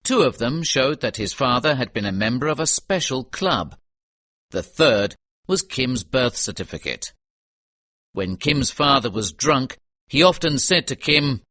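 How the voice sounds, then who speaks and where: Lively, bright British male narrator. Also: mid-range voice, a little slow, no echo. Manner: clear, even storytelling pace. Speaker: audiobook narrator. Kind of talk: scripted audiobook narration for learners.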